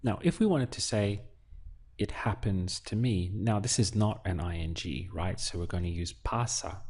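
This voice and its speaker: A man teaching a language lesson, slow and patient, quizzing the listener with prompts. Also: deep voice, a little mellow, husky. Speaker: Spanish teacher.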